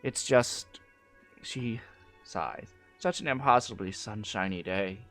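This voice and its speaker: A man's voice: on the low side, slow pace, a bit bright, soft background music. A man reading a game's narration aloud on a stream, mixing in casual asides.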